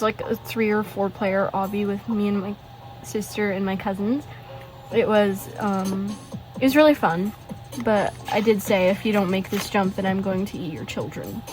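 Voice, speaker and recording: A woman's voice: medium pitch, a little mellow, low-quality recording. A teenage girl in casual chat, showing her sketchbook in her bedroom and gushing with lots of fillers and rambling asides. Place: bedroom at a desk. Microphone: phone hanging above the desk.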